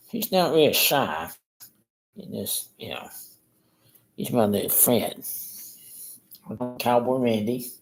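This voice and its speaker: A man's voice: medium pitch, darkish tone, poor audio. A man chatting in a rambling, chuckling way while painting live on a stream. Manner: rambling, chuckling, self-interrupting. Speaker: painting instructor.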